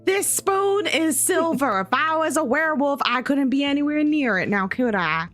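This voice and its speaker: A mysterious woman who knows more than she says, put on by a woman game master. Her voice sits very high and swoops around a lot. She sounds breezy and insistent. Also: animated, normal speed, a bit bright, faint music behind.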